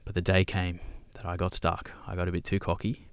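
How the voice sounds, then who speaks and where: An Australian man co-hosting a podcast in casual chat, an animated storyteller who calls people mate. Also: sits low, fairly quick, clean tone, no room sound. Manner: animated storyteller, matey slang. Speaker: podcast co-host.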